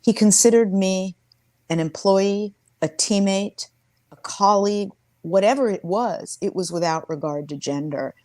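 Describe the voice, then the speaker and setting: This interview guest is a woman in her sixties who once worked as a sports team executive, sharing stories in a conversational exchange. Her mid-range, darkish voice moves a little slowly with no echo, earnest and reflective, and she often starts her sentences over.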